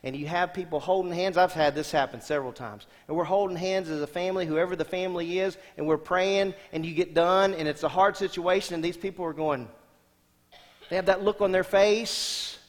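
A man preaching a sermon as senior pastor, asking the congregation questions and swinging between loud emphatic lines and quiet soft ones. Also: high voice, a little fast. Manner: asks the congregation rhetorical questions. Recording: long hall reverb.

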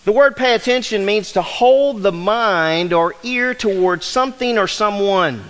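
A man's voice: high voice, fairly bright tone. A pastor in his fifties preaching a sermon with emphatic delivery and rhetorical questions to his congregation. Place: church sanctuary. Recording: long reverb of a large hall.

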